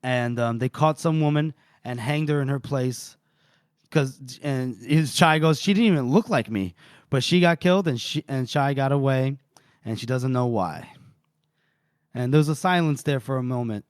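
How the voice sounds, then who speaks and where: A man's voice: medium pitch, a little slow, smooth, dry recording, studio quality. A man co-hosting a podcast, casually retelling a book chapter, dropping into brief character voices and laughing often. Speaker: podcast co-host. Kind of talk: casual book-club recap.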